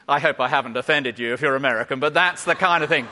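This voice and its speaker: A man preaching a sermon in an animated, emphatic way, swinging between loud and hushed. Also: medium pitch, fast talker, hardly any pauses. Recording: long hall reverb.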